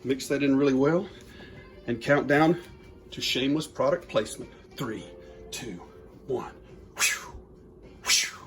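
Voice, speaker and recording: A man's voice: medium pitch, a little slow, long pauses, fairly bright tone, faint music behind. A man, chatting in a folksy, upbeat way while demonstrating a recipe in his home kitchen. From Louisiana. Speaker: cooking channel host. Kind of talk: casual cooking demo.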